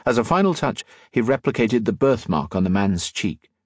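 A man narrating an audiobook in a measured, steady storytelling voice, close on the mic. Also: on the low side, dry recording. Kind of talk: scripted narration.

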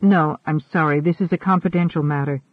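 A woman's voice: low voice, steady tone, brisk, no room sound. A man voicing an earnest, tired woman who leads a community group, speaking urgently and apologetically. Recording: narrow phone-like sound.

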